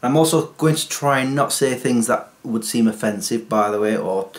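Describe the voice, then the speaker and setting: A man's voice: mid-range voice, normal speed. Guy vlogging, chatty and self-mocking, medium voice. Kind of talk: casual comedy vlog.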